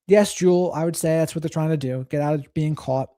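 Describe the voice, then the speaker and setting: A man hosts a live stream, thinking aloud about a clip and reading out viewer comments. His voice is mellow and dark, and it sounds dry and close to the mic. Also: fairly high pitch, brisk, no echo. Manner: reflective, reads chat and thanks viewers. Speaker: host of a live stream reacting to clips.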